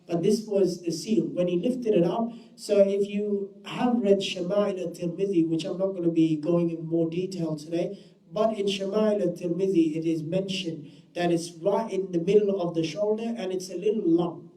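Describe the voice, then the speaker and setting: A man giving a religious storytelling lecture, animated and acting out the quotes, recorded from a distant mic in a roomy space. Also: sits high, normal speed. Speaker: Islamic lecturer.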